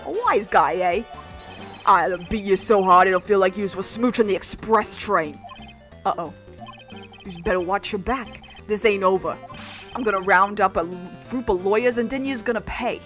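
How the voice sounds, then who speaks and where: Brief: a woman playing a loud New York tough guy, a bullying scooter thug in a game, slow threats. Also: medium pitch, soft background music, lightly acted. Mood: boastful tough. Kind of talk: reading game dialogue aloud.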